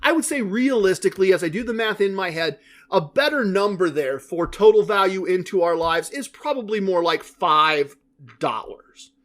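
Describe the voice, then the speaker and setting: A man's voice: sits high, lively intonation, normal speed, fairly bright tone. A middle-aged man hosting a solo podcast, chatty and self-deprecating, correcting himself as he talks. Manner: mock-boastful in a put-on triumphant voice. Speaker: podcast host.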